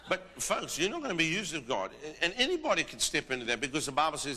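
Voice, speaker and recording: Bright-voiced preacher man in a reverberant hall. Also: on the high side, quick pace, hardly any pauses, a little hiss or hum. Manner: animated storytelling, rising into declamatory prophecy. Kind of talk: sermon with testimony and prophetic exhortation. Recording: long reverb of a large hall.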